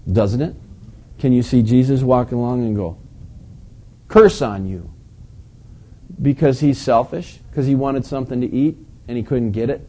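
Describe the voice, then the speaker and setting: A man's voice: mid-range voice, fairly even intonation, fairly quick, mellow. A man preaching a sermon in a conversational, questioning way, stressing his points with emphasis.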